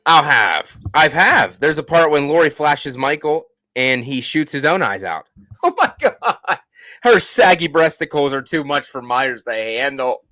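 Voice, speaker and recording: A man hosting a casual live stream, reading out viewer comments in an animated and jokey way, with many fillers and restarts. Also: on the high side, moderate pace, few pauses, no room sound. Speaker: host of a horror movie channel.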